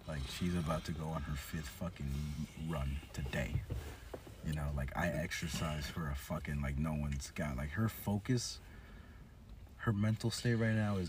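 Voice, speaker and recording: A man co-hosting a casual podcast chat, animated and joking, swearing freely. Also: rumbling low, moderate pace. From United States. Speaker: podcast co-host. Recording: distant mic with background hiss.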